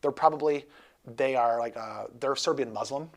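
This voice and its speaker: A man's voice: mid-range voice, moderate pace. A man hosting a casual interview chat, rambling and joking with lots of restarts. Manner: rambling, jokey, many restarts. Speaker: host.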